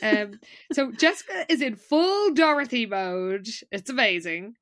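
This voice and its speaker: A woman's voice: a little high, lively intonation, measured pace, a bit bright. A woman co-hosting a podcast, recapping an episode in casual chat with dry, wry asides. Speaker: podcast co-host.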